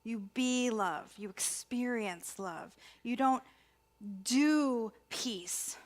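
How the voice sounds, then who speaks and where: A woman, a spiritual practitioner, giving an inspirational sermon in a conversational, expressive way with repeated emphasis. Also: on the high side, drawn-out words. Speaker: spiritual practitioner and ministry student speaker.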